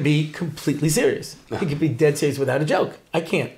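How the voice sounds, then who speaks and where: A man's voice: on the high side, fast talker, hardly any pauses. A man, a rabbi and Torah teacher, telling stories in an interview with lots of jokes and laughter. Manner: joking, animated, laughs often. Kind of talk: humorous interview talk.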